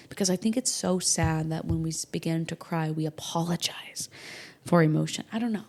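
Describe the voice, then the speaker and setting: A middle-aged woman hosting an astrology podcast, talking casually and emotionally, with soft whispered asides. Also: low-pitched, a little fast. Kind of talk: casual solo podcast talk.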